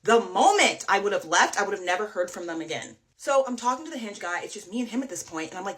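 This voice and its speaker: A woman's voice: medium pitch, lively intonation, fairly bright tone. Woman telling a tense story, casual. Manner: emotional, fast, filler-heavy retelling. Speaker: storyteller guest.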